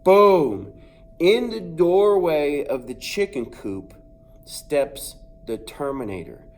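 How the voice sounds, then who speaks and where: A man with a fairly high voice tells a funny story from his own life at an unhurried pace. He's animated, building suspense and acting out the sounds and voices as he goes.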